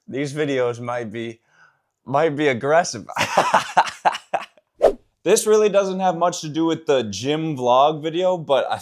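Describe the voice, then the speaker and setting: A man's voice: medium pitch, a little mellow. A young man talking casually to camera in a fitness vlog, joking at his own expense and laughing often. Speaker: fitness vlogger. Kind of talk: casual self-filmed vlog.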